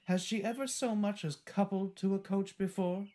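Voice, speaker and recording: A man's voice: on the high side, normal speed, warm tone, pitched above the performer's own voice, lightly acted. A man voicing a fussy, sniffy old female railway coach in a storybook.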